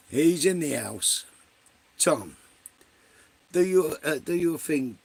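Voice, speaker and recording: A man's voice: on the high side, lively intonation, slow pace, gravelly, long pauses, husky. A man hosting a live stream in casual chat, greeting viewers by name and swearing freely.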